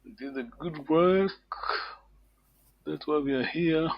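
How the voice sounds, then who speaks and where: A man's voice: fairly high pitch, takes it slowly, dry recording, dull audio. A man teaching an online language lesson, patiently repeating phrases for his students to copy.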